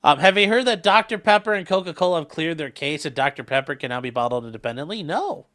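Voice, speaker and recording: A man's voice: fairly high pitch, animated, fast, pushed and bright. A man hosting a livestream, rambling and joking as he reacts to the chat. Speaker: livestream host reading chat. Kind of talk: casual stream chat.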